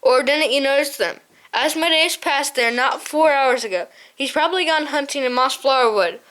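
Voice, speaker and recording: A woman's voice: sits high, moderate pace, fairly bright tone. A woman reading an audiobook, voicing a testy older male ferry shrew who scolds brusquely. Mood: scolding.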